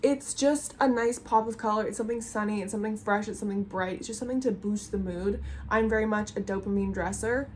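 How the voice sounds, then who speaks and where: A woman's voice: medium pitch, fast, a little hiss or hum. Chatty, rambling young woman vlogging. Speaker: knitting vlogger. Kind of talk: casual chat. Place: home room with colorful closet behind.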